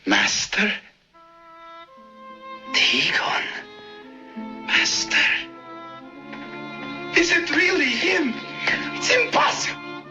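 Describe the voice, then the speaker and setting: A man playing an excitable old male Russian servant in a film, with a Russian accent, crying out with joy and whispering secrets. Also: fairly high pitch, slow, vocal fry, music in the background, full character voice. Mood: overjoyed. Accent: Russian, put on. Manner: wildly swooping, cries out with joy, whispers secrets.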